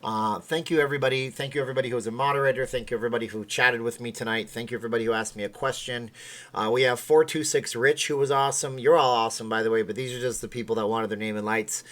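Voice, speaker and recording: A man's voice: medium pitch, steady tone, very fast, fairly bright tone. A man from Canada hosting a casual livestream, tired and chatting in a rambling, joking way. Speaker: livestream host.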